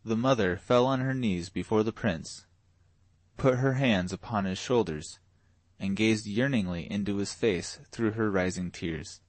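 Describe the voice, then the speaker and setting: Man reading an old novel audiobook, lowish voice, dry close sound. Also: unhurried, dry recording. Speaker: audiobook narrator. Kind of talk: scripted narration.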